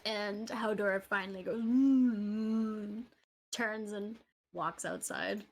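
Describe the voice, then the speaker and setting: A woman's voice: medium pitch, fairly even intonation, unhurried, vocal fry, bright, forceful tone. A woman narrating a tabletop game as game master, casual with frequent fillers.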